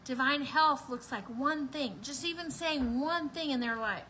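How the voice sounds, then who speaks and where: A woman's voice: high-pitched, a little slow, few pauses, bright, forceful tone, slight background noise, poor audio. A woman hosting a live online prayer meeting, bubbly and laughing as she preaches and talks straight to her viewers. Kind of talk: excited livestream preaching and chat.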